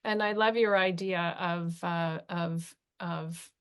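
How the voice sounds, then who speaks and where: A woman moderating a virtual summit Q&A on a video call, polite and halting, with many fillers. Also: lowish voice, steady tone, smooth.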